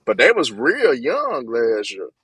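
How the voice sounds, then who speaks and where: A man's voice: medium pitch, huge pitch swings, slow pace, a bit bright, slightly rough, low-quality recording. A man co-hosting a casual basketball talk, emphatic and slangy, repeating his points. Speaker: sports podcast co-host. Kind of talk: casual sports debate.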